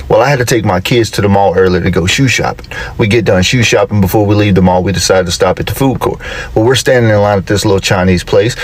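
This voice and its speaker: A man telling comic stories about his kids in an animated, exclaiming way. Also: on the low side, husky. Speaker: comedic storyteller. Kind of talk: comedic storytelling.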